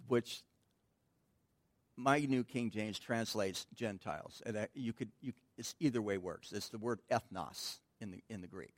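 Male pastor, midweek Bible study, mid-pitched voice, chatty teaching, rhetorical questions, dry close recording. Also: no room sound. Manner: informal and chatty, asks the room questions and answers them, frequent restarts.

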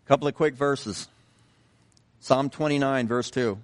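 Man preaching, conversational sermon, slow with fillers and restarts, mid-pitched voice. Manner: unhurried, repeats himself with many fillers and restarts; conversational, asks the congregation questions. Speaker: pastor.

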